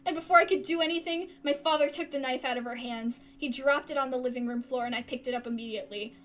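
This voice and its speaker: A woman streamer reads a story game's narration aloud with a high voice. She reads expressively and breaks in with gasps and exclamations. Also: fast talker. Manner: expressive, gasping reactions. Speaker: gaming streamer. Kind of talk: reading a story game aloud.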